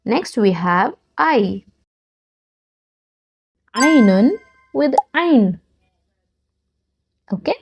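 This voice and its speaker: A woman gives a children's alphabet lesson at a very slow, deliberate pace. Her pitch rises and falls in a lively, sing-song way as she patiently repeats each word for young learners. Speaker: Arabic teacher for children.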